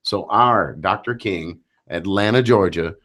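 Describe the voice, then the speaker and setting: Deep-voiced male radio talk show host. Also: measured pace, fairly bright tone. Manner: chatty, storytelling, acts out voices in anecdotes.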